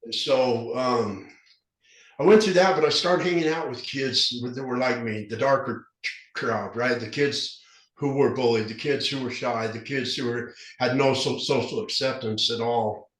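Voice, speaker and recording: A man's voice: medium pitch, measured pace, a bit bright. A man of about fifty from southern Utah, a recovery specialist, speaks as a podcast guest. He has a slight lisp from dentures and talks in an earnest, rambling way with many restarts. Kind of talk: candid storytelling in an interview. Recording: roomy echo.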